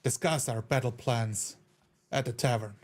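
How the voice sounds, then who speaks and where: A man's voice: medium pitch, steady tone, a little slow. A man playing a tabletop game, loosely narrating his character's actions. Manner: loose, rambling action descriptions. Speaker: player. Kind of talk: tabletop role-play.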